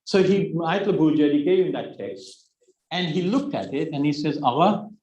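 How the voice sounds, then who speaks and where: A man's voice: a little high, expressive, normal speed, warm tone, reverberant, highs cut off. A man in his sixties giving a Muharram sermon, telling a story, acting out its dialogue and adding joking asides to the audience. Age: 60s. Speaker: religious speaker.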